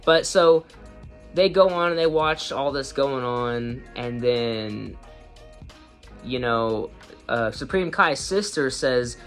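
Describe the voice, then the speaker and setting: A man's voice: animated, takes it slowly, fairly bright tone, faint music behind. Man casually rambling through an anime review. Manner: rambling, slangy, breaks into high laughs.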